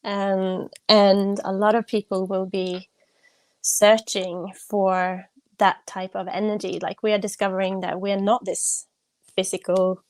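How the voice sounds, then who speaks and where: A woman guest on a podcast, speaking casually in an earnest, reflective way with soft laughs. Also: mid-range voice, little pitch movement, measured pace. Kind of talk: casual conversation.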